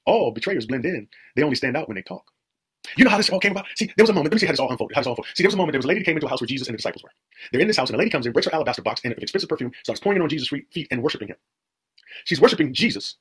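Male preacher, rapid-fire sermon delivery, heavily husky voice, emphatic repetition and rhetorical questions. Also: a little high, very animated, fairly bright tone. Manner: emphatic, repeats phrases, rhetorical questions to the congregation.

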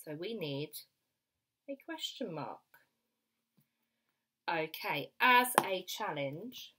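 A young woman teaching a phonics lesson to small children, slowly sounding out each letter and word. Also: lowish voice, lively intonation, bright, forceful tone. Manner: slow, clear sounding-out of letters. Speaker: primary school teacher.

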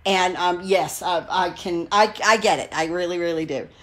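A woman's voice: fairly low pitch, moderate pace. A woman in her sixties hosting a casual live craft stream, chatty and digressive, gushing with enthusiasm and greeting viewers by name as she goes. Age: 60s.

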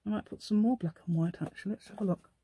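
A woman's voice: medium pitch, fast talker, mellow, slightly rough, dry recording. Chatty woman crafting at home. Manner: chatty, thinks aloud, asks the viewer questions. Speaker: craft channel host. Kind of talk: casual crafting tutorial.

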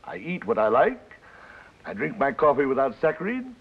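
A man's voice: mid-range voice, wildly swooping pitch, normal speed, slightly rough, exaggerated voice. A man playing a mild, plainspoken older grandfather in a 1950s film. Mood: firm. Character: proud retired-age grandfather, gentle and firm. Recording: dull old film soundtrack.

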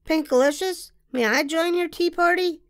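A woman's voice: very high-pitched, moderate pace, a bit bright, no echo, studio quality, voice pushed up. A woman voicing a boastful young boy who plays wizard and pirate, with a mock-grand, chanting delivery.

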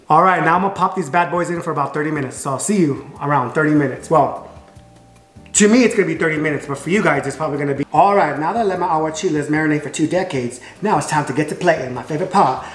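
A woman's voice: sits low, quick pace, reverberant. A woman cooking at home for a vlog, tossing in crude, campy jokes while explaining each step. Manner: crude, campy joking asides. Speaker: home cook and vlogger. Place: home kitchen.

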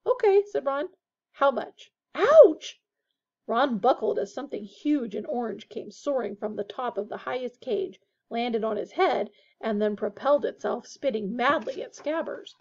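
A woman reading a children's fantasy novel aloud in a steady, expressive way. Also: on the high side, normal speed, few pauses. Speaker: audiobook reader. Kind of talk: storybook narration. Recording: dull lo-fi recording.

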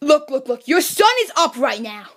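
A woman's voice: sits high, very animated, normal speed, a bit bright. A woman doing a ranting cranky mushroom servant. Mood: exasperated. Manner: exasperated ranting, sarcastic.

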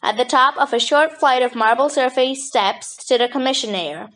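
A woman narrating a children's mystery audiobook in a steady, clear reading. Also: high voice, moderate pace. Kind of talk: scripted storybook narration.

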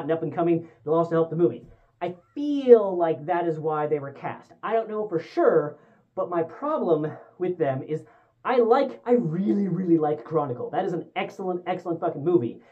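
A woman's voice: on the low side, phone-quality sound. A young woman giving a casual movie review, rambling and candid with many fillers and restarts. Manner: rambling and candid, with frequent fillers and self-corrections.

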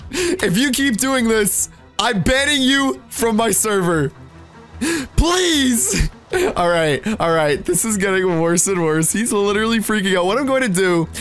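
A man with a high, youthful voice narrates his gameplay in an excited, teasing way, breaking into giggles again and again. Soft music plays quietly behind him. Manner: giggly, keeps laughing, animated and teasing. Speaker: Minecraft YouTuber. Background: faint background music.

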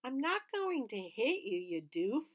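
Storybook character, woman doing a tough bossy girl, blunt and loud, higher voice. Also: very animated, measured pace. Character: tough bossy schoolgirl who punches boys.

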